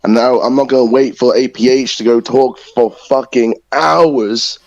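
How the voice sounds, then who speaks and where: Brief: man, mid-pitch, furious swearing trash talk, muffled lo-fi mic. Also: fairly even intonation, moderate pace. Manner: aggressive, profane ranting. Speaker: wrestler in online league press conference. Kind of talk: in-character trash-talk promo.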